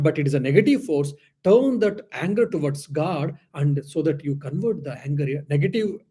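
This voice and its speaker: A man's voice: a little high, mellow, husky. A man, a swami, giving an earnest spiritual discourse that explains scripture and poses rhetorical questions.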